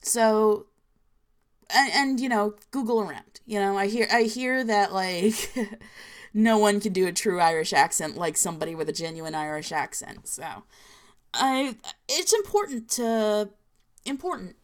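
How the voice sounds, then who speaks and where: A woman's voice: medium pitch, unhurried. New Jersey woman, solo podcast host, rambling casual chat. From New Jersey, USA. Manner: rambling, filler-heavy, chatty.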